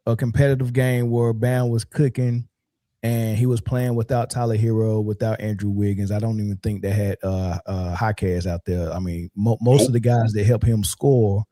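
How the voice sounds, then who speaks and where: A man's voice: medium pitch, fairly even intonation, normal speed, mellow, dry recording, clean studio sound. A man co-hosting a podcast in a loose, casual chat full of fillers. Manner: loose, conversational, filler-heavy. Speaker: podcast co-host.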